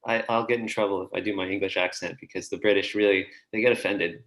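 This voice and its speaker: A man's voice: on the low side, steady tone, fairly quick, a bit bright, poor audio. A man hosting the show, enthusiastically praising and joking with his guest. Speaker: host. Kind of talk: casual commentary.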